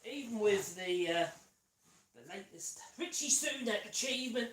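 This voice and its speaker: A man's voice: high voice, expressive, normal speed, a bit bright, distant mic. Guy rambling and joking while he builds stuff, echoey workshop, bit of hiss. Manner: rambling, jokey, chatty. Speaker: vlogger. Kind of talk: casual chat while woodworking. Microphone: radio mic.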